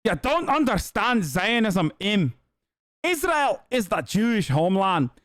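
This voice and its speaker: Man putting on a shrill, sing-song zealot woman, mocking, drawn-out, crisp dry sound. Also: sing-song, fairly bright tone, no room sound, heavily acted. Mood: mock-fervent. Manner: drawn-out, mock-earnest delivery. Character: mocking impression of a fervent nationalist woman.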